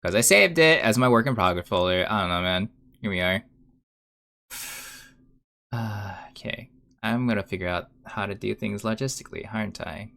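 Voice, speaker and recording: A man's voice: fairly low pitch, normal speed, gravelly, long pauses, pushed and bright. A young man chatting casually while he draws on a live stream, rambling and muttering to himself with a self-mocking manner. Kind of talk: casual chat while drawing.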